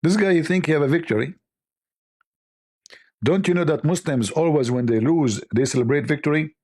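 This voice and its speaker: A man's voice: a little high, normal speed, a little mellow. A man hosting a livestream, talking in a sarcastic, mocking and rambling way. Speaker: livestream host. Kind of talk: casual livestream commentary.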